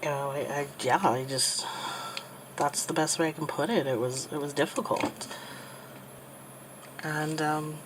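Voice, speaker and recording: A woman in her thirties telling a personal story while crafting, soft and halting with many pauses, becoming tearful. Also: sits low, background noise. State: tearful, getting emotional. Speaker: crafting channel host.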